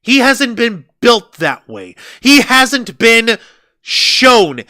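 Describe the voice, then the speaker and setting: A man ranting about wrestling on a podcast, swearing freely and turning sarcastic. His voice sits high and cuts sharply. The recording is dry and close. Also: big pitch swings, very slow, sharp tone, no room sound. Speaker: podcast co-host. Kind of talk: heated wrestling review chat.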